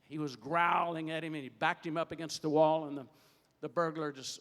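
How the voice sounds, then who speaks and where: An older man with a slightly higher voice works the crowd as a warm-up emcee, folksy and joking, swelling into loud calls. He speaks on a handheld stage mic, and his words ring out through a long hall reverb. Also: fairly even intonation, a little fast. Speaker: producer warming up a studio audience. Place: large hall or theater stage.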